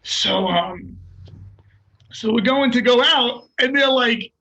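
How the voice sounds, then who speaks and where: A middle-aged man, a fighter, telling a story in a casual, profane and animated way and laughing at himself. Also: very high-pitched, slow, muffled recording. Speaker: guest, MMA fighter.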